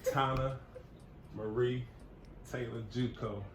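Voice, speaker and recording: A man giving a heartfelt speech, halting and earnest with stammered restarts. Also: mid-range voice, fairly even intonation, roomy sound, a little hiss or hum. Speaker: vlogger.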